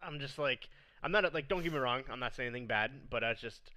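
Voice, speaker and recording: A man's voice: medium pitch, animated, fast, bright, forceful tone. A man co-hosting a podcast, chatting casually and laughing often. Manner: laughs often, does mocking voice impressions. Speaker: podcast co-host.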